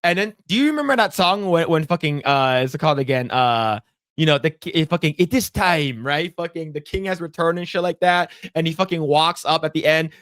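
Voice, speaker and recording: Animated, profane podcast host man. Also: brisk, no echo, studio quality. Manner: animated, profane, acts out quotes in a loud high voice. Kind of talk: casual podcast chat.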